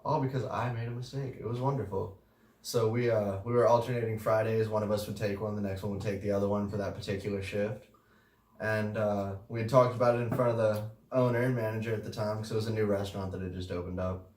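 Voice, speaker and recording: A man's voice: on the low side, fairly even intonation, fast, darkish tone. A man co-hosting a casual podcast about restaurant work, telling a story in a laid-back, profane way with the odd chuckle. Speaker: podcast co-host, restaurant worker. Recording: roomy, distant mic.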